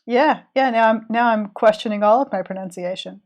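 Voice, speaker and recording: Southern American woman streamer, relaxed, chatty, trails off while she concentrates on drawing. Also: on the high side, fairly quick, lo-fi sound. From Southern United States. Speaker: streaming illustrator.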